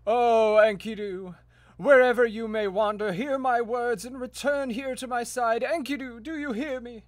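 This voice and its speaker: A man voicing a pompous, melodramatic gentleman adventurer who speaks in florid, old-fashioned phrases. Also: very high-pitched, moderate pace, no echo. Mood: lamenting.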